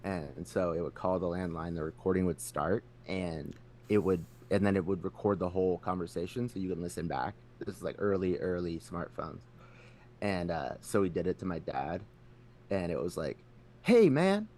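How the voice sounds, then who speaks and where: A man's voice: low voice, fairly even intonation, moderate pace, darkish tone, a little hiss or hum. A man co-hosting a podcast in casual chat, a laid-back storyteller who laughs often and slips into voices when quoting people. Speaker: podcast co-host.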